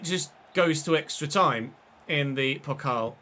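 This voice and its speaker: A man, chatting and commentating excitedly while streaming a football game. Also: a little high, unhurried, few pauses. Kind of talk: live gameplay commentary.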